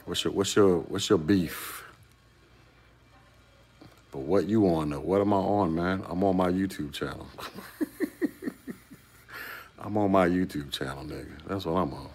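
Deep-voiced man chatting to his viewers. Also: brisk, few pauses, darkish tone. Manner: conversational, rhetorical questions to a commenter. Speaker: YouTube commentator. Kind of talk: casual chat with viewers.

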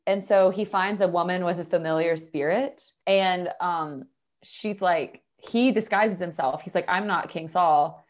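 A woman co-hosting a podcast, talking in a slightly low voice. She chats casually and retells a story, slipping into quoted lines as she goes. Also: unhurried, darkish tone. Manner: chatty, recaps the story with quoted asides. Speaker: podcast co-host. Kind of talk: casual chat.

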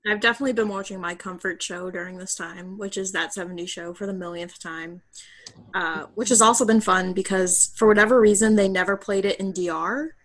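A woman co-hosting a podcast in casual chat, telling animated stories with playful low asides. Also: a little fast. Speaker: podcast co-host.

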